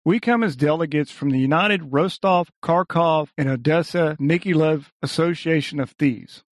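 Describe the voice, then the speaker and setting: A man's voice: a little high, no room sound, clean studio sound, lightly acted. Man reading a suave thief spokesman. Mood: courteous. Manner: elegant, courteous, measured speech. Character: suave, cunning male thief spokesman, polished orator. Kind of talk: audiobook reading.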